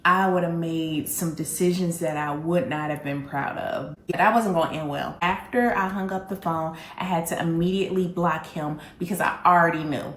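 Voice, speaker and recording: A woman hosting a candid storytelling vlog, telling her story in an animated, blunt way and speaking straight to her audience. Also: lowish voice, moderate pace, few pauses, reverberant, a little hiss or hum. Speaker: vlog host.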